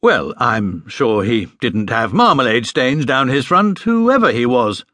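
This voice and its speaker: A man's voice: mid-range voice, big pitch swings, unhurried, bright, forceful tone, no room sound, heavily acted. Genial middle-aged dad, mild and a bit dry, read by a male narrator. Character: mild, good-natured middle-aged father.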